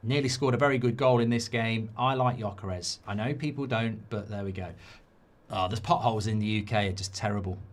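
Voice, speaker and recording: A middle-aged man hosting a live football watchalong, reacting to the match. He swings between muttered analysis and loud outbursts. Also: on the low side, a little fast. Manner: excitable, swings from muttering to shouting.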